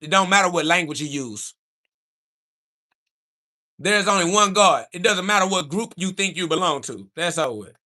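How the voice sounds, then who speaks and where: A man speaking hosts a livestream and answers chat in a combative, preachy monologue, insulting his critics over and over and now and then rising to a shout. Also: high voice, expressive, moderate pace, long pauses. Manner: rises to shouting when heated.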